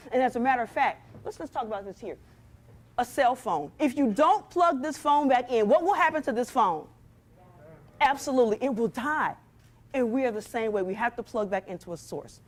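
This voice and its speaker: Her voice a little high and her pace a little fast, a woman gives a motivational talk from a stage. She speaks directly to the audience with a lively rhythm reminiscent of a preacher.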